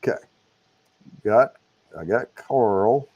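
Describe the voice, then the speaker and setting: A man's voice: on the low side, takes it slowly, a little mellow, breathy edge, muffled recording. Chatty man running a livestream giveaway. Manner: chatty, runs giveaway details. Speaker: livestream co-host. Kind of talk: casual livestream chat.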